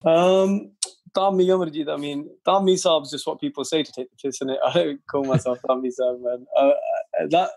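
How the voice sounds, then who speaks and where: A young man from Leicester, England, is a guest lyricist in a casual interview, laid-back and slangy, swearing and laughing often. His voice is fairly high and gravelly with a darkish tone, fairly even in intonation and a little fast.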